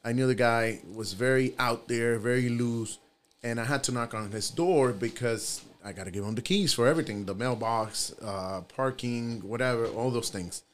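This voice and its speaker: A man, a guest on a podcast, telling a story in relaxed casual chat and repeating his phrases. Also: mid-range voice, normal speed, slight background noise.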